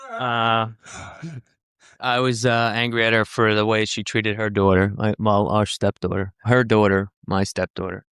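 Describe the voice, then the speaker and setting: Quiet, hesitant low-voiced man. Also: flat delivery, unhurried, clean tone, no echo, studio quality. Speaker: sponsee working on an inventory.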